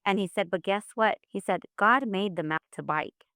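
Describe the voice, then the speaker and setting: A woman's voice: medium pitch, normal speed, sharp tone, dry recording, clean studio sound. A middle-aged woman, a mother, telling her family's story in a podcast interview, earnest and full of faith. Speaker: guest, mother of an autistic son.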